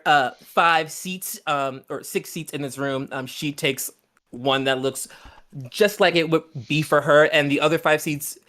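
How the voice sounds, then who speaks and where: A man's voice: mid-range voice, a bit bright. A man narrating a tabletop game as game master, casual and full of ums and uhs.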